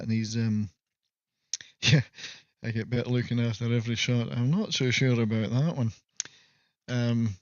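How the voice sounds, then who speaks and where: A man's voice: medium pitch, dry recording. Rambling Scottish man chatting on a livestream. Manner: rambling, self-mocking joker. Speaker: livestream host. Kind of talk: casual livestream chat. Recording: slightly muffled, dry audio.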